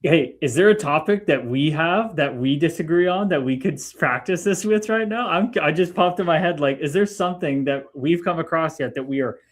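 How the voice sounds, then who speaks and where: A man on a live-streamed chat, spinning anecdotes with animated, excitable energy. He swears freely and keeps his tone loose and conversational. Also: on the high side, a little fast, few pauses. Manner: animated storyteller, profane, excitable. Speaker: guest.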